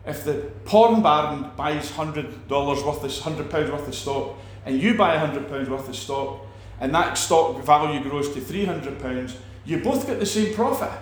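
A man teaching about faith in a relaxed talk, animated, acting out quoted people and restarting his sentences often. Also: a little high, moderate pace, hardly any pauses, echoey room, a little hiss or hum. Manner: animated, acts out quoted preachers, many restarts. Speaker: preacher.

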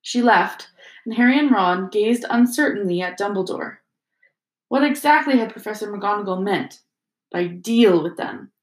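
A woman narrating a storybook in a steady, expressive reading voice, in a roomy echoing recording. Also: medium pitch, normal speed. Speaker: audiobook reader. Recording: roomy echo.

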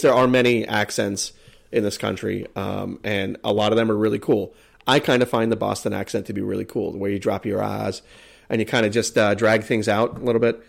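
A man's voice: lowish voice, fairly even intonation, fairly quick, gravelly. A man from the United States chatting casually as a podcast co-host, rambling with many fillers and restarts. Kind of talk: casual chat.

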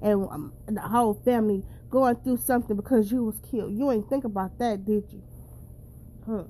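A woman's voice: medium pitch, moderate pace, dark tone, slight background noise. Blunt, profane woman ranting to viewers. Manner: blunt, profane and preachy, addressing viewers directly. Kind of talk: casual straight-to-camera rant.

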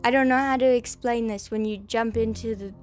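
A woman's voice: on the high side, fairly even intonation, a little fast, a little mellow, soft background music. A young woman hosting a podcast, rambling through the news in a casual, swearing, filler-heavy way. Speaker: podcast host.

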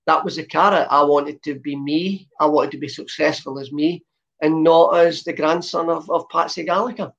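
A Scottish man in his fifties, a former footballer, chats as a guest in a relaxed interview, telling stories in a softened Glasgow accent full of "uh" fillers. His voice is fairly high, gravelly and steady, at a normal speed. The recording sounds dull and lo-fi.

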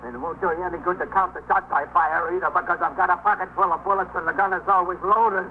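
This 1950s-style radio drama features an actor as a barricaded, gun-holding man who is paranoid and unstable, ranting and threatening while veering agitatedly between menace and self-pity, over and over. He talks fast in a natural, high-pitched, steady voice. The old broadcast is tinny, with a faint hiss.

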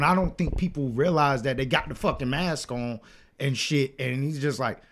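A young man co-hosting a podcast chats casually and tells profane stories, acting out the quotes. His mid-range voice has a fairly bright tone and moves at normal speed.

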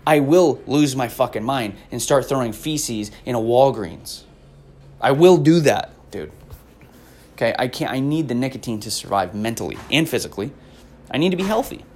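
A man in his twenties rants through a stand-up bit, swearing freely as he rambles from one complaint to the next. His pitch sits at an ordinary middle level. He sounds exasperated throughout. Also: animated, normal speed, darkish tone. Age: 20s. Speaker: comedian. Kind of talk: stand-up rant.

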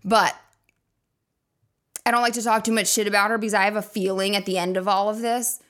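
A woman's voice: medium pitch, steady tone, a little fast, a bit bright. A woman hosting a comedy podcast, rambling through a profane casual monologue with lots of fillers and acted-out quotes.

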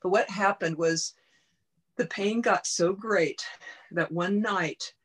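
A woman's voice: mid-range voice, slow, breathy edge. A woman coach and podcast guest, telling a personal story in an earnest, heartfelt way. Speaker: guest, body-mind coach.

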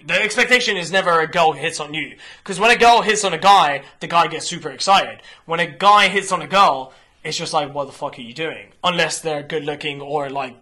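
Podcast guest, young man, bright high voice, swears freely, lots of restarts. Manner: frank, profane, animated storytelling with repeated restarts. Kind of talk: candid casual chat.

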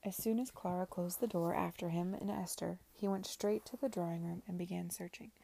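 A woman reading a novel aloud in a hushed, measured narration. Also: fairly low pitch, fairly even intonation, vocal fry. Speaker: reader.

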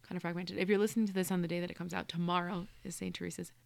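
A woman's voice: lowish voice, flat delivery, rapid-fire, creaky, no echo. A woman co-hosting a casual faith podcast, speaking in an earnest, reflective way. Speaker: podcast co-host.

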